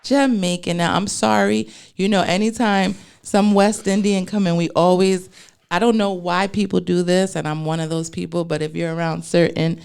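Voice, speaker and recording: A woman's voice: on the low side, level tone, moderate pace, gravelly, a little mellow, smooth. Chatty New York woman hosting a podcast. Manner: chatty, playful, laughs easily. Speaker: podcast host. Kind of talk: casual fashion chat.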